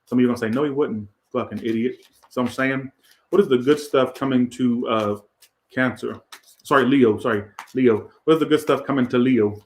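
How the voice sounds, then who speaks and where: A man's voice: mid-range voice, fairly even intonation, brisk, echoey room. A man doing a casual tarot reading in a crude, profane, rambling way. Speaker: tarot reader.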